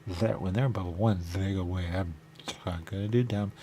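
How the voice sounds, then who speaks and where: Gravelly low-voiced man muttering. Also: fairly quick, dark tone, a little hiss or hum. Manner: mumbling, repeats "there you go", chuckles. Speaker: radio show host. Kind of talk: rambling casual talk.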